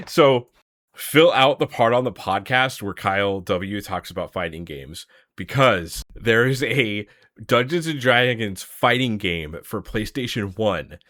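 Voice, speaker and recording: A young adult man co-hosting a podcast, chatting with excitement and laughing often. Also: lowish voice, slow, no echo, studio quality. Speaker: podcast co-host. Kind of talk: casual podcast chat.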